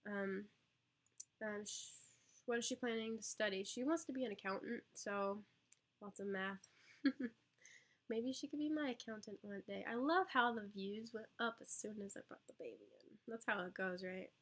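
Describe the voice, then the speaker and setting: A young mother and vlogger chats on a casual live stream, answering viewer questions with plenty of ums and little laughs while talking to her baby. Her mid-range voice is a bit bright and moves at a normal speed.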